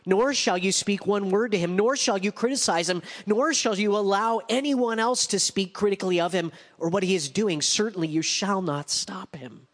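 A weary, resigned aging king speaking quietly and slowly, as a man voices him in a sermon. His voice sits fairly high. The sound carries a long echo from a large hall. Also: natural voice. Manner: quiet, measured.

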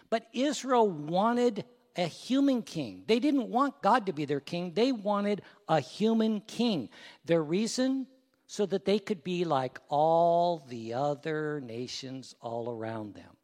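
Animated man preaching a sermon. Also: high-pitched, in a large hall. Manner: storytelling, rising to loud peaks and dropping to hushed prayer. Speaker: pastor.

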